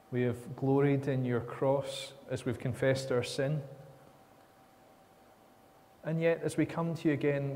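A man's voice: mid-range voice, warm tone, slight background noise. A man leading a church service, praying earnestly in flowing, repeated phrases. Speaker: minister leading worship. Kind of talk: spoken prayer. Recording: reverberant church with faint ambience.

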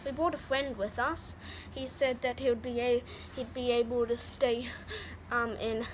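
A woman's voice: fairly high pitch, fairly even intonation, moderate pace, a little hiss or hum. A woman telling a casual toy-play story, rambling with fillers and restarts. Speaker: narrator of a toy show.

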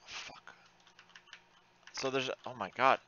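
A man giving live commentary while playing an online game, frustrated and excitable, swearing often with sudden loud outbursts. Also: mid-range voice, slow pace, no room sound, dull audio.

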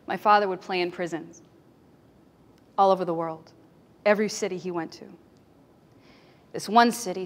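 A woman speaking to an audience from a stage, telling stories with strong feeling. Her voice sits at a middle pitch and swings from forceful to nearly whispered. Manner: dramatic, emotional, swings between loud and hushed. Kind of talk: storytelling talk on stage.

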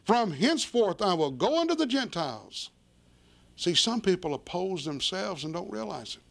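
A man preaching with a fairly high-pitched voice. He reads old-fashioned scripture aloud, then turns and explains it in plain everyday words, addressing his listeners as folks. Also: sing-song, moderate pace, gravelly. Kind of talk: sermon on scripture.

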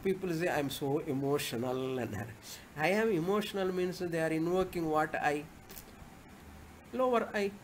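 A woman's voice: low voice, normal speed, a little hiss or hum. A woman spiritual teacher, explaining scripture patiently and repeating Sanskrit verse phrases as she goes. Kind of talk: scripture lecture.

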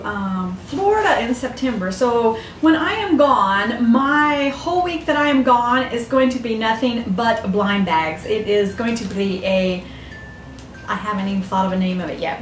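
An older woman, chatting to camera as a vlogger opening fan mail, gasping and gushing with excitement. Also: fairly high pitch, slight background noise. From Southern United States. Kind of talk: casual chat to camera. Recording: echoey room, mic a bit far off.

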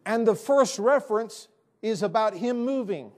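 A man's voice: sits high, lively intonation, moderate pace, darkish tone. A male pastor preaching a sermon in a church, emphatic and repeating his key phrases. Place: church sanctuary.

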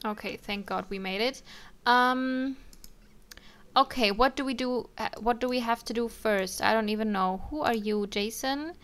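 A woman's voice: on the high side, moderate pace, a bit bright, smooth. A young woman casually commenting on her life-simulation game, chatting to her characters with frequent ums and little laughs. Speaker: let's play streamer.

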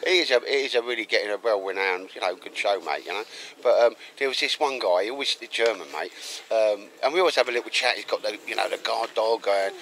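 A man's voice: fairly low pitch, fast, hardly any pauses, a bit bright, slight background noise, rough recording. A middle-aged man, chatting casually with a friend outdoors, rambling and calling people mate. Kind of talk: casual chat. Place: outdoors in woodland.

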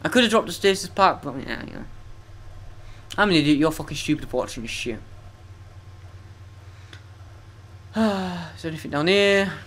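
A man's voice: on the high side, lively intonation, unhurried, pauses often, a bit bright. A young man giving profane, sarcastic, self-mocking commentary while playing a video game. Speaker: let's play gamer. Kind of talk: gameplay commentary.

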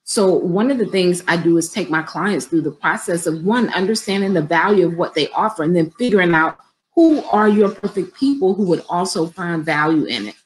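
Woman coach, middle-aged, chatty live-stream talk, low-pitched, faint hiss behind. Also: normal speed, rough recording. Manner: conversational, addresses viewers directly. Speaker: business coach.

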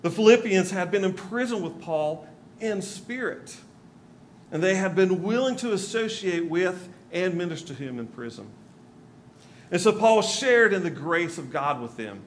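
A man's voice: sits high, slight background noise. A male pastor from North Carolina, giving a conversational sermon with asides to the congregation in a church. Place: church sanctuary.

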